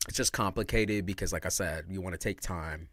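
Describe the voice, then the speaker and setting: A man's voice: low-pitched, a bit bright, no echo. A man giving a casual livestream tarot reading, talking in slang, with lots of expression and frequent laughs. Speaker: tarot reader.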